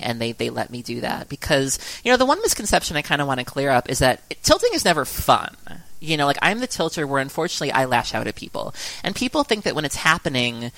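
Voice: medium pitch, sing-song, fast, a bit bright, no room sound, rough recording. A podcast host speaking candidly and reflectively, with swearing and frequent "you know" fillers. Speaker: podcast host, card game player.

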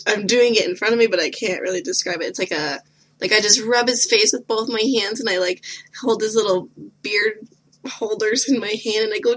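A woman's voice: medium pitch, fairly bright tone, slightly rough, rough recording. A young woman chatting casually, giggling and filling her talk with "like". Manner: giggly, lots of "like". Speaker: student. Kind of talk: casual chat.

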